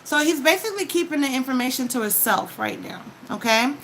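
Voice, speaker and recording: A woman's voice: high voice, sing-song, a little fast, vocal fry, fairly bright tone, a little hiss or hum, low-quality recording. A woman giving a casual tarot reading, talking straight to the viewer with advice and frequent "okay?" check-ins. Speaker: tarot card reader.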